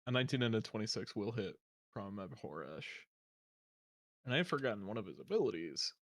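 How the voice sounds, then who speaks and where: A man's voice: fairly low pitch, sing-song, a little fast. A man running a tabletop game as game master, calling out hits and damage in a matter-of-fact way.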